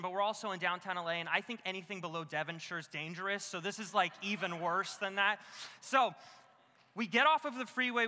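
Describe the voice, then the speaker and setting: Bright high-voiced young preacher in a big hall. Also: male voice. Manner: animated, self-mocking, many "like" fillers. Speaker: pastor. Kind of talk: sermon with comic storytelling. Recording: long hall reverb.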